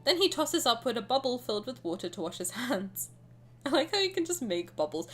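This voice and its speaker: Lively, chatty woman streamer. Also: on the high side, fairly quick. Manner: chatty, joking, reads game text aloud. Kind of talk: casual gaming commentary. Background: faint game music.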